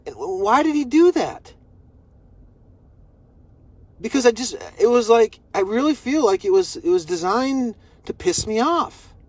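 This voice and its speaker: A man's voice: very high voice, sing-song, measured pace, pauses often, no room sound. A man recording a personal video message, rambling and repeating himself as he vents his frustration. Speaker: vlogger.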